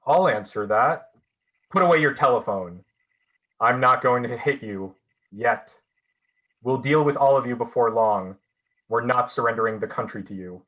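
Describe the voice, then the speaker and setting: A man's voice: medium pitch, animated, moderate pace, long pauses, fairly bright tone, close to an everyday voice. A man playing a cold, threatening authoritarian leader in a staged play reading. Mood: menacing. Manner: cold, menacing. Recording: dull lo-fi sound.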